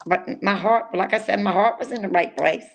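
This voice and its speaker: Excitable rambling older woman. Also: mid-range voice, brisk, vocal fry. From North Carolina. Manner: rambling, excitable, restarts often. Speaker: podcast co-host. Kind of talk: casual chat.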